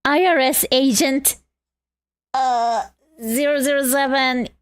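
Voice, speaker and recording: A woman's voice: high-pitched, fairly even intonation, slow pace, clean tone, dry recording, studio quality. A woman from Argentina streaming live while drawing, chatting in a bubbly way and greeting her chat.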